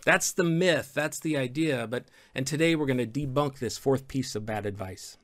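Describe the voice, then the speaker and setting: Man, pastor, sermon, animated, playful asides, middling pitch. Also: normal speed.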